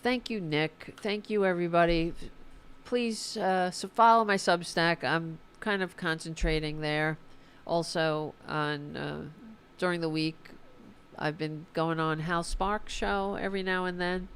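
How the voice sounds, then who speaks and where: A woman's voice: on the low side, steady tone, measured pace, smooth. A tired woman hosting a political livestream, chatting casually and swearing as she reads the chat and signs off. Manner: informal and profane, fired-up about politics.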